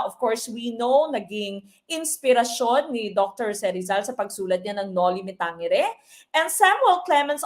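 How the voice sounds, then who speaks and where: A woman with a Filipino accent giving a live online exam review lesson. She mixes English and Tagalog, often ends lines with tag questions and reads out viewer comments. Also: on the high side. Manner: lively, drawn-out emphasis, frequent tag questions.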